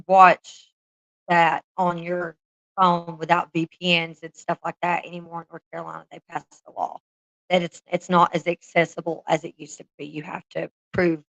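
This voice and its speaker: A woman's voice: on the low side, flat delivery, a little fast, vocal fry, fairly bright tone, no room sound, highs cut off. Laughing, swearing woman streamer. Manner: laughs a lot, swears freely, chats to viewers. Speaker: livestreamer. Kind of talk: casual livestream chat.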